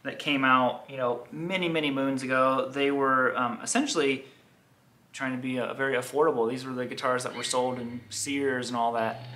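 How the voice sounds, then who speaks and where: A man's voice: mid-range voice, fairly even intonation, moderate pace, fairly bright tone. A man hosting a guitar channel, chatting casually to camera in a rambling, self-deprecating way. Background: electric guitar playing.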